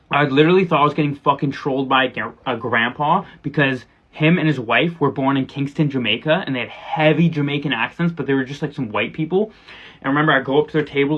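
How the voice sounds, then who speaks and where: A man's voice: a little high, a bit bright. A young man casually telling a funny anecdote, laid-back and swearing as he goes. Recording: dull lo-fi audio.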